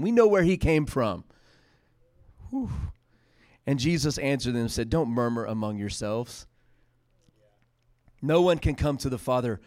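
A man's voice: on the high side, expressive, normal speed, darkish tone, no echo. A man preaching a sermon, retelling scripture in casual paraphrase and building to emphatic peaks.

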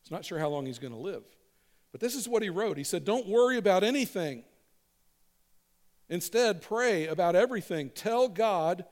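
A man's voice: fairly high pitch, darkish tone. A male pastor giving a conversational sermon and leading the congregation in call-and-response phrases. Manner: conversational, repeats lines for the congregation to echo.

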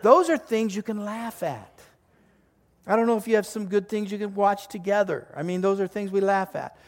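An older male pastor with a voice that sits high preaches a sermon at normal speed to a live congregation in a large hall. His manner is conversational, joking, and full of storytelling.

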